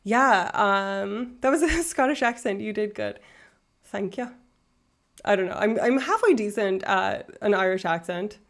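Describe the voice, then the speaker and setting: Chatty woman streamer with a gravelly edge. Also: mid-range voice, animated, a little slow. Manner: chatty and swears freely, with frequent ums. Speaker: streamer discussing neuroscience. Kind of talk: casual live-stream chat.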